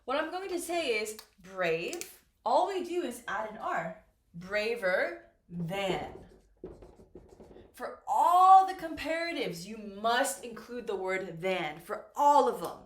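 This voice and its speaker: A woman teaches a grammar lesson in a slow, patient, deliberate way, often pausing to check that learners follow. Her voice sits fairly high. The room around her echoes. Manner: slow, deliberate, repeats and checks with "right?" and "okay?". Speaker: English teacher. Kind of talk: classroom grammar lesson at a board.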